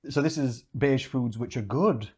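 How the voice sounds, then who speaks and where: A man who hosts a fitness podcast and works as a coach, speaking at an ordinary middle pitch. He chats in a relaxed, easygoing way and reads passages from articles between remarks. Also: unhurried, husky. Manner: relaxed, chatty, laughs often. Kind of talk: casual chat.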